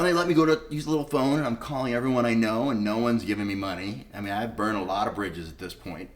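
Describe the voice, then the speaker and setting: Speaking quickly with hardly any pauses, a middle-aged man with a steady, mid-range voice gives a blunt testimony about his recovery. It's unpolished and laced with swearing, and he re-enacts past conversations along the way.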